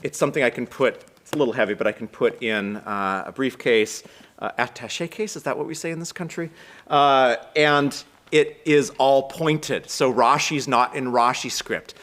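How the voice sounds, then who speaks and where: An American man gives a conversational sermon from a synagogue, chatty and self-deprecating. He talks fast, at a middle pitch. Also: a bit bright. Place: synagogue sanctuary, live stream.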